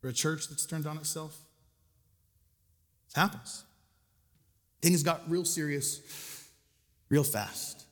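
A man's voice: fairly high pitch, fairly even intonation, slow, pauses often, fairly bright tone, long reverb tail. A male pastor preaching a sermon, conversational and self-deprecating, with casual asides to the congregation.

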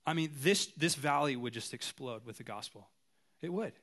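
A pastor, a man, preaching a sermon in a casual, animated, conversational way. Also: mid-range voice, normal speed.

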